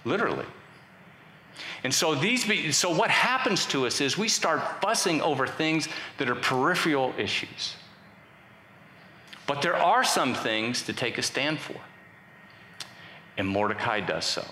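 In a church sanctuary, a male pastor delivers a sermon in a conversational style, trading jokes with the congregation. His fairly high voice is expressive, pushed and bright, moving at a measured pace with frequent pauses. The hall echoes, with faint ambience and a little hiss or hum.

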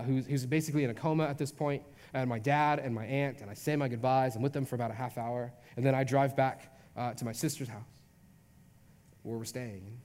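A man's voice: medium pitch, darkish tone. A young man, a youth pastor, telling a personal story in a casual, chatty sermon full of fillers. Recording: long hall reverb.

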